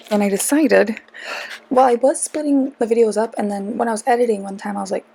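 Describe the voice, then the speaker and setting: A young woman chats her way through a tarot reading, rambling and poking fun at herself as she goes. Her voice has a gravelly, creaky edge. A faint hiss sits under the recording. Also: fairly high pitch, dark tone, rough recording. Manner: rambling, self-deprecating, chatty asides. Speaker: tarot reader, channel host. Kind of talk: casual chatty tarot vlog.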